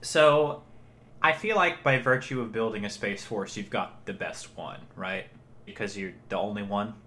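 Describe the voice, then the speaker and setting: A man's voice: on the low side, moderate pace, bright, forceful tone, slight background noise. A man co-hosting a podcast in casual comedic banter, riffing earnestly and thinking aloud. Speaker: podcast co-host.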